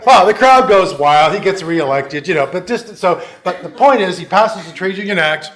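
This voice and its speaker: Middle-aged male professor, lecturing casually with dry jokes; voice sits a bit high. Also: animated, normal speed, a bit bright. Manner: conversational, wry and self-mocking asides. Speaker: history professor, guest lecturer. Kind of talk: lecture to a union school.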